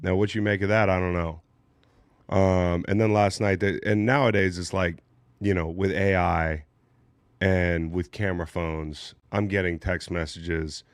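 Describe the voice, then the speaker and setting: A man hosting a casual studio chat, animated and joking, swearing freely. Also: sits low, unhurried, clean tone, dry recording. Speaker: podcast host.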